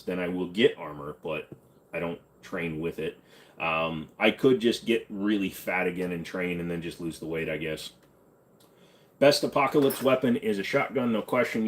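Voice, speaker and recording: A man hosting a live stream, answering chat questions in a blunt, offhand, casual way. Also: deep voice. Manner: blunt, offhand, hums and sings snippets between questions.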